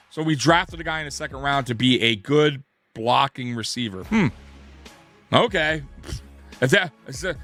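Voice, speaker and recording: A man's voice: sits high, bright, forceful tone. A man hosting a sports talk show, ranting in a heated, profane way and often restarting his sentences. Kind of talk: sports commentary rant.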